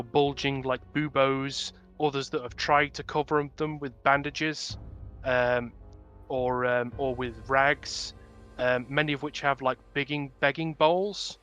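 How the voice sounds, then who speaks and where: A man narrating as the dungeon master, talking in a halting way with many ums and restarts. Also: medium pitch, fairly bright tone, clean tone, muffled recording. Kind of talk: narrating a tabletop game.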